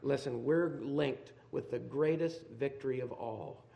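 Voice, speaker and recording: A man preaching a sermon, building to loud emphatic peaks and then dropping to quiet, low asides. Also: a little slow, creaky, slight background noise. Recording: roomy echo.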